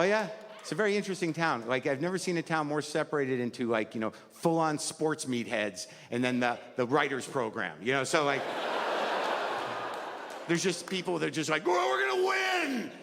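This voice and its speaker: A middle-aged man doing a neurotic, rambling stand-up routine on a club stage, exasperated and prone to sudden shouted outbursts, with audience laughter behind him. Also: medium pitch. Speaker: stand-up comedian. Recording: live club recording with long reverb and noise.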